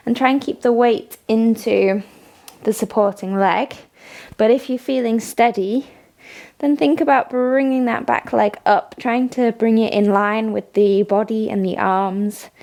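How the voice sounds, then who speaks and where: Woman yoga teacher, fairly high voice, calm encouraging cues, lots of lovely and wonderful. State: has the hiccups. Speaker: yoga instructor. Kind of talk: guided yoga class instruction.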